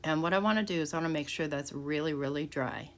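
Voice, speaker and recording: Speaking quickly in a low voice, a woman gives a casual crafting tutorial from her home craft room. She walks through making a handmade card step by step, restarting her sentences frequently.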